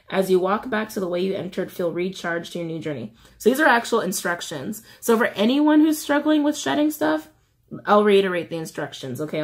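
A woman giving a casual tarot reading, reading guidebook passages aloud and then explaining them in a chatty way with frequent fillers. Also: lowish voice. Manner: chatty, reads card texts slowly then explains with lots of "like" and "um". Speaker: tarot reader.

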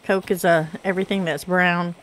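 A woman in her thirties with a Southern US accent, chatting casually through gameplay, her voice rough from congested sinuses. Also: lowish voice, little pitch movement, moderate pace, fairly bright tone, slight background noise. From Southern United States. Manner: chatty, rambling, self-deprecating with fillers. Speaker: gaming channel host.

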